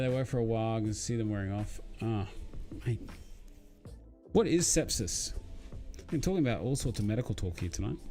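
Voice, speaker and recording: A young Australian man chatting casually to viewers during a live build, rambling with lots of fillers. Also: medium pitch. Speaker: streamer. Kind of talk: casual live-stream chat while building.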